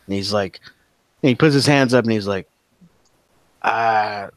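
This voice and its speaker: A man's voice: fairly low pitch, measured pace, dry recording. A man narrating as game master in a casual, profane style with many fillers.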